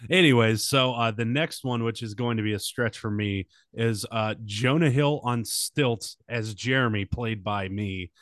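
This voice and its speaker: A man's voice: mid-range voice, a little slow, few pauses, a bit bright, dry recording, clean studio sound. A man hosting a casual comedic podcast, rambling through setups with lots of fillers. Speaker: podcast host.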